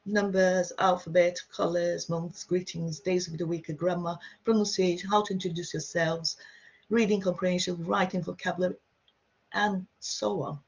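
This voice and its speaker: A woman teaches to beginners over a video call, her coming through as she talks. She sounds a little gravelly and husky. She chats through each point and keeps checking in with her learners, and the audio is dull and lo-fi. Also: on the low side, fairly even intonation, normal speed. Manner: chatty, explains with frequent "okay?" checks. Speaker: Portuguese teacher. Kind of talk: online language lesson. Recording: dull lo-fi online class audio.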